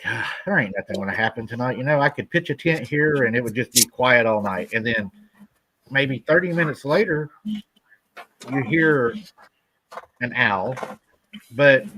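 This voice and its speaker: A man's voice: medium pitch, a bit bright, rough recording. A man hosting a live stream, talking in a rambling, laid-back way about his own experiences. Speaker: host. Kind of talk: casual chat.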